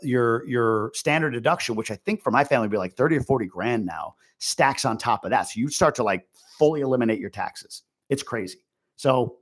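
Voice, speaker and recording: Chatty, rambling man hosting a Q&A. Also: medium pitch. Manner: chatty and rambling, many fillers and asides. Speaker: host. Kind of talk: casual livestream Q&A.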